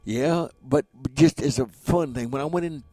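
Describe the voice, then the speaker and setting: A man's voice: medium pitch, normal speed, mellow, no echo, faint music behind. An older man, an entertainer, reminiscing about his career in a rambling way, repeating words and chuckling as he goes. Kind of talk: reminiscing storytelling.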